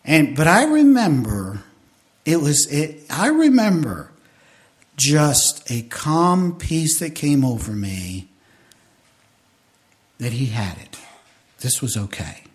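A pastor in his fifties delivers an emotional sermon, with a voice that sits a little above the usual male pitch. He builds to loud, fervent stretches and then drops to quiet, tender asides. It sounds like personal storytelling from the pulpit. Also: very animated, takes it slowly, long pauses. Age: 50s.

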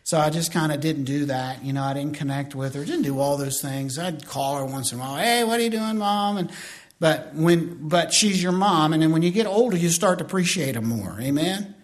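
A middle-aged man preaching a sermon, mimicking whiny complaints, rising to shouts and then dropping to slow, quiet emphasis. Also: on the high side. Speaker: pastor.

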